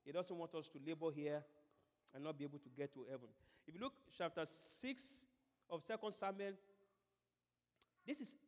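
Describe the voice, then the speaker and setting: A man's voice: fairly high pitch, normal speed, long pauses, in a large hall. A man preaching a sermon as pastor, mixing scripture with playful acted-out asides.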